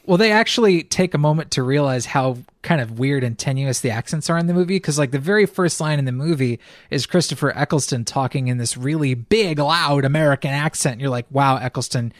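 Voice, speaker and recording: A man's voice: medium pitch, brisk, few pauses, dry recording. A man co-hosts a film podcast, chatting casually and dropping wry jokes into his points. His voice is a plain mid-range man's voice. The recording is close and completely dry. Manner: wry, joking asides. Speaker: podcast co-host. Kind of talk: casual film review chat.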